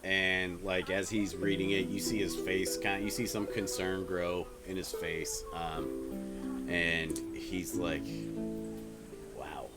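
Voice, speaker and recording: A man's voice: sits low, flat delivery, slow pace. A man narrating as game master in casual, loose speech full of fillers, with music behind. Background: background music.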